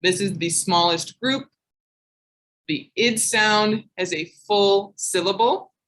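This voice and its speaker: Slow, deliberate woman teaching pronunciation. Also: medium pitch, a bit bright, low-quality recording. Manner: slow, deliberate, repeats each word twice. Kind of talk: online class teaching.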